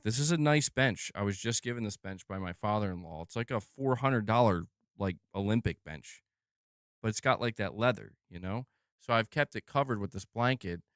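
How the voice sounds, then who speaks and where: Smooth-voiced man ranting casually on stream. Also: mid-range voice, a bit bright, no echo, studio quality. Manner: casual, profane, filler-heavy slang. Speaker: gaming news streamer. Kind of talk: live stream commentary. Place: home room.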